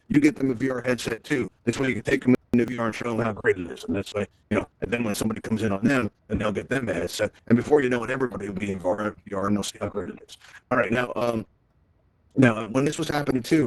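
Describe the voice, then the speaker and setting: Speaking through a headset mic in virtual reality, a man delivers a chatty live tech talk, frequently ending sentences with "right?". His pitch is fairly low and there is no echo.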